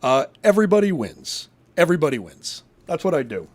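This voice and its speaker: A man's voice: on the high side, very animated, fairly quick. A man from Massachusetts hosting a casual live show, reading chat and rambling in a crude, profane, jokey way.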